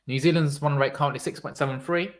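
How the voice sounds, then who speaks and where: A man giving casual live cricket commentary on a stream, reacting loudly to the play and chatting with viewers in the chat. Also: on the high side, fairly even intonation, quick pace.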